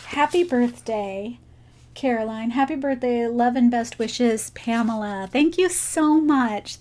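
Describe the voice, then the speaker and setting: A woman's voice: fairly high pitch, slow, dark tone. A woman vlogger chatting casually about crochet and gifts, sentimental and thankful. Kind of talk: casual chat.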